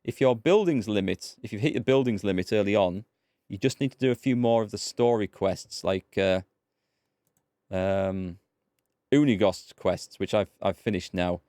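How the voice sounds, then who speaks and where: A man's voice: on the low side, normal speed, dark tone, dry recording, clean studio sound. A man with a North Yorkshire accent giving chatty live-stream commentary on a game and answering viewers' chat. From North Yorkshire, England. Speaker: let's play streamer.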